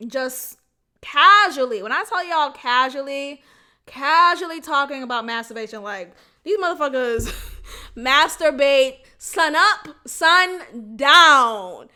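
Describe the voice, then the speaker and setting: A woman's voice: sits high, bright, forceful tone. A woman hosting a podcast in a frank, profane casual monologue, often laughing as she talks. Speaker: podcast host.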